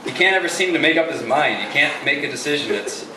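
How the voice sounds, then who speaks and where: A man doing a hesitant, halting stand-up routine at an open mic. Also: medium pitch, recorded from a distance. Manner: hesitant, halting, restarts often. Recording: echoey room, mic from afar, noisy.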